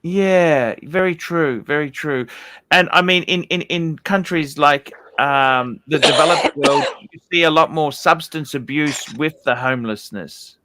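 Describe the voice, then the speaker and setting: A jovial male host leads a relaxed livestream chat, his voice bright and a touch high. The sound is dry and close, with no room around it, and he bounces cheerfully between banter and reading out super chats. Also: a little slow, no room sound. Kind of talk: casual panel chat.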